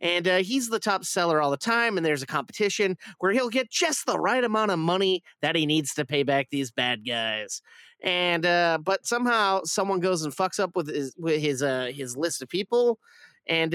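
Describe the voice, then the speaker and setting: A man hosting a podcast in casual, joking, animated chat with his co-host. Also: high-pitched, no echo.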